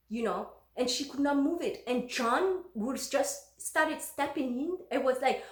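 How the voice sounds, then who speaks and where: A woman's voice: high-pitched, moderate pace, hardly any pauses, roomy sound. A woman telling a personal story in a casual, emotional way, with many fillers and restarts.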